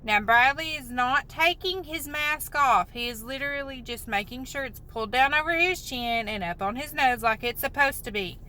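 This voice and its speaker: A woman's voice: high voice, moderate pace, hardly any pauses, pushed and bright, a little hiss or hum, poor audio. A woman venting in a rambling, upset, apologetic way in a vlog, recorded on a phone in a parked car. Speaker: vlogger.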